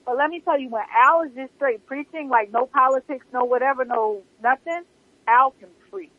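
A woman with a fairly high voice chats casually, explaining at a measured pace and repeating her points for emphasis. The sound is dry and tinny, like a phone line, with no room around it. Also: slightly rough, no room sound. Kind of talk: casual podcast chat.

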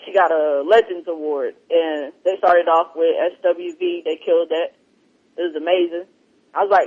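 A man hosting an online radio show, telling a story in casual, animated, profane chat. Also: high-pitched. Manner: animated, profane, laughs while telling stories. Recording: dull lo-fi online radio stream.

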